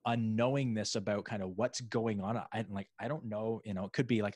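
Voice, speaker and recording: A man with a fairly low voice hosts a relaxed, casual conversation. He rambles with frequent restarts and fillers, and now and then jumps higher to act out what someone else might be thinking. The sound is dry and close. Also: brisk, hardly any pauses, no echo. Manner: acts out other people's inner voices in a raised pitch. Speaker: podcast host.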